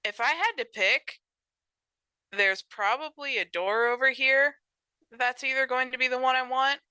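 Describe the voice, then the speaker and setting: A woman's voice: mid-range voice, pushed and bright, smooth, no room sound. A woman playing a tabletop game, thinking aloud and correcting herself as she plans. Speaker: player.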